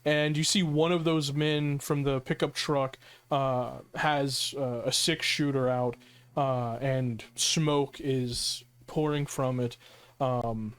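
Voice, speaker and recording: A man runs a tabletop game, narrating scenes slowly with plenty of ums and uhs. His voice sits at a middle pitch and he takes his time. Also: steady tone, a bit bright, smooth. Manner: descriptive, many fillers. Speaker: game master.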